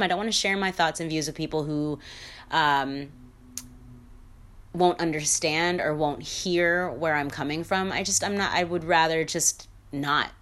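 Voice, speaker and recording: Low-voiced woman hosting a candid podcast. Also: a bit bright. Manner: candid and opinionated, with frequent fillers and restarts. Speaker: podcast host. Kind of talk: solo podcast monologue.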